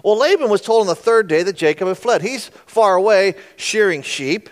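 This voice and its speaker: A man's voice: sits high, lively intonation, normal speed. A man preaching a sermon, retelling scripture with folksy, conversational asides to his listeners. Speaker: pastor.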